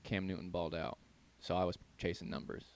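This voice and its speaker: A man's voice: low voice, little pitch movement, fairly quick, darkish tone. A man co-hosting a podcast in casual chat, mostly agreeing in a laid-back way with short replies. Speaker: podcast co-host.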